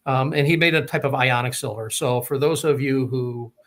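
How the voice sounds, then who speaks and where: A man's voice: medium pitch, steady tone, normal speed, a bit bright. A man telling a long personal story in a rambling way, full of fillers and restarts. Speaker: guest telling his story. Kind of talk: casual storytelling.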